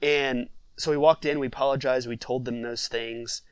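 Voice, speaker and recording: A man, a father of six, telling a family story in a relaxed podcast interview, with lots of fillers. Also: medium pitch, moderate pace, smooth, no echo, poor audio. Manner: conversational, many fillers, reflective storytelling.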